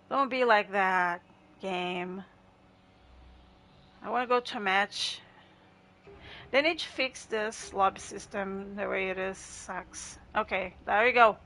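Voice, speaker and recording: Bright, slow-talking woman streamer. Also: mid-range voice, steady tone. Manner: chatty, laughs often, talks to chat viewers. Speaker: gaming livestreamer. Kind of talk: casual gameplay livestream chat.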